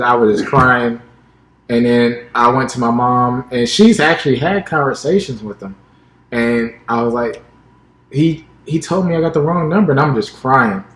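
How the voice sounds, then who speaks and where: A man's voice: medium pitch, a bit bright. Man, young adult, podcast co-host, casual storytelling, echoey room. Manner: acts out quoted dialogue, restarts often.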